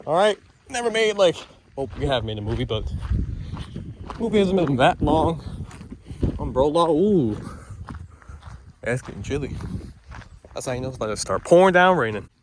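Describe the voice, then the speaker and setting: A man walks around an outdoor farm or petting zoo with a handheld camera, chatting casually and teasing the animals for his vlog. His voice is a little high with big pitch swings, and he speaks at a moderate pace with long pauses against a noisy background.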